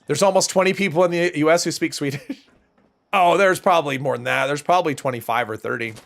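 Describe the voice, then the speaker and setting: A man with a stuffy nose rambling through casual livestream commentary, his voice a touch high and gravelly with fry. He thinks out loud as he plays. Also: quick pace. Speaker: gaming streamer.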